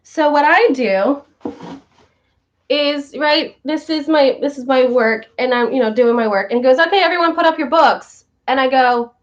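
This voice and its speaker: A young woman from the northern United States chats casually with her viewers in a high, bright voice. She tells stories with lively quoted voices. The recording sounds a little dull and lo-fi. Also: unhurried. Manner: chatty, animated storytelling with quoted voices. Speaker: show host.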